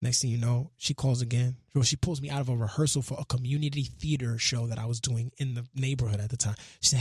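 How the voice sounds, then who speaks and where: A man, telling his life story as a guest in a radio studio, animated and full of casual slang, acting out the voices of people he quotes. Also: medium pitch, fast, few pauses, breathy edge, dry recording. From Brooklyn, New York. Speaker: musician and actor guest.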